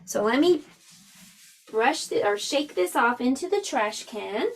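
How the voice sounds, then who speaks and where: A woman teaching a preschool class, speaking gently and expressively to young children and reading a picture book aloud. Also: high voice, animated, measured pace, a little hiss or hum.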